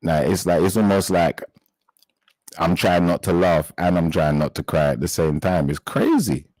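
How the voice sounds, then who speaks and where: A man hosting a live stream chat, talking straight to his viewers in an indignant, halting way and often reaching for words. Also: low voice, steady tone, a little mellow, no room sound, rough recording.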